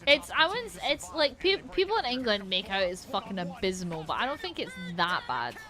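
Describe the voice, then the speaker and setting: A woman's voice: medium pitch, sing-song, brisk. A woman with a Polish accent chatting casually on a gaming stream, swearing now and then and restarting her sentences often. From Poland.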